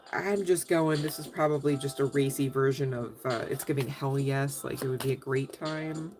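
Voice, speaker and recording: Low-voiced, giggly woman reading tarot. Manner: chatty, giggly, talks straight to viewers. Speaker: tarot reader answering live chat. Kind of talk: casual live tarot reading.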